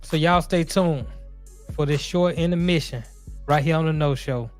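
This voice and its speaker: A man co-hosting a casual talk show, chatting in a relaxed, easygoing way. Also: on the high side, moderate pace, faint music behind. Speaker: co-host.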